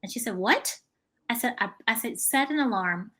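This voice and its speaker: A woman hosting a podcast interview, telling stories in a lively way and acting out the dialogue. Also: on the high side, moderate pace. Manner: animated storytelling, acting out dialogue. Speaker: podcast host. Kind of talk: casual conversational interview.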